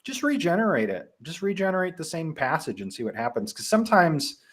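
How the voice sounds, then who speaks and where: A young man with a Midwestern accent, casually presenting a live software tutorial with frequent ums and restarts. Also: a little high, sing-song, a little fast. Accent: Midwestern American.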